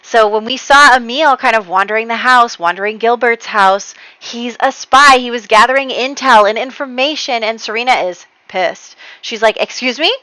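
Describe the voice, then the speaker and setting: A woman narrates her life-sim game in a loose, rambling way, full of fillers. Her voice is bright and forward, and the recording is dry and close. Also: a little high, moderate pace, hardly any pauses, smooth, no room sound, rough recording. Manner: rambling storyteller with many fillers. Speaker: let's play host.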